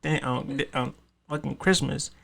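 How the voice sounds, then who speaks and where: A man's voice: medium pitch, fairly even intonation, moderate pace, creaky, fairly bright tone. A man hosting a podcast, telling stories in a loose, profane, rambling way with many restarts. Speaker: podcast host. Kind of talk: casual storytelling chat.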